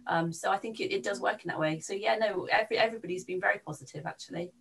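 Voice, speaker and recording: A woman speaking on a video call about her community nature group, with a middle-pitched voice. She sounds upbeat and earnest, often restarting her sentences. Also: very fast, creaky, fairly bright tone, slightly rough, low-quality recording. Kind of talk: casual explanation on a webinar.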